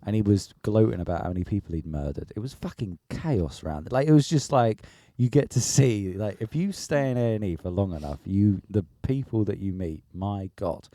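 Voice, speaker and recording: Brief: male podcast co-host, low mellow voice, dry close sound, animated sweary storyteller. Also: brisk, few pauses, dry recording. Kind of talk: casual storytelling chat.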